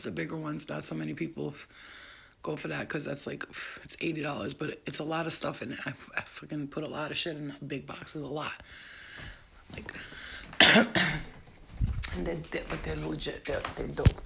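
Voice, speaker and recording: Woman livestreamer, low gravelly voice, slangy, profane, affectionate home chat. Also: flat delivery, normal speed, pauses often, bright, forceful tone, slight background noise. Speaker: spiritual healer selling boxes on a livestream. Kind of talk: casual late-night livestream chat.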